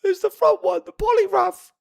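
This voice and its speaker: A man putting on the voice of his young sister, crying and accusing him in a high wail. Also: fairly even intonation, moderate pace, gravelly, heavily acted. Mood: tearful wailing. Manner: high wailing cries. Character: young girl sobbing, accusing her brother.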